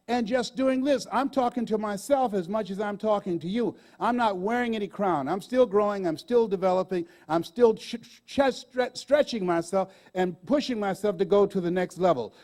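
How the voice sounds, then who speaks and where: A man in his sixties giving a live motivational speech on stage, animated and laughing often as he talks to the audience. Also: high-pitched. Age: 60s. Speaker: motivational speaker.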